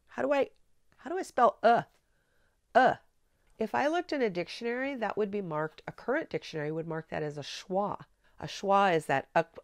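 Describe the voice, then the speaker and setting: A woman training teachers in a spelling method, explaining clearly and deliberately in a coaching tone. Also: lowish voice, dry recording, clean studio sound. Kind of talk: instructional teaching demonstration.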